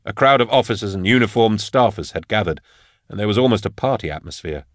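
Low-voiced male audiobook narrator. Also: expressive, fast, a bit bright, no echo, clean studio sound. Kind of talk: scripted narration.

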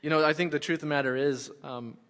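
A man's voice: a little high, fairly even intonation, fast talker, a bit bright. Man preaching in an echoing hall. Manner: conversational preaching with repeated phrases. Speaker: pastor. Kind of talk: sermon. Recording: long hall reverb.

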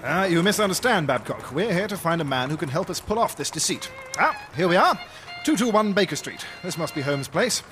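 A man's voice: on the high side, very animated, a little fast, a bit bright, faint music behind. A man playing a smug, scheming Victorian aristocrat who leads the plot in a comedy sketch. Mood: brisk.

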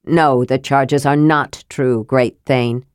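A woman voicing a gruff old male dwarf who talks grimly. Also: rumbling low, fairly even intonation, takes it slowly, dry recording, clean studio sound, voice pushed down. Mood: defensive. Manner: grim, gruff.

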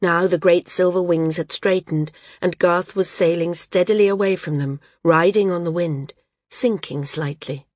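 Female audiobook narrator, low-ish husky tone, steady reading, dry close studio sound. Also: dry recording. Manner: measured reading, lifts pitch for shouted dialogue. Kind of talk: scripted narration.

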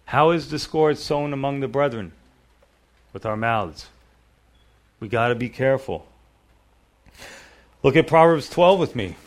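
A man's voice: mid-range voice, expressive, measured pace, pauses often. A middle-aged male pastor giving a sermon, reading scripture aloud and explaining it in a conversational manner.

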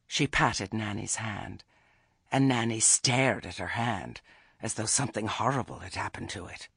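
Gravelly man narrating a storybook. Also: fairly low pitch, expressive, measured pace, a bit bright, no room sound, clean studio sound. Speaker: audiobook narrator. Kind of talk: scripted narration.

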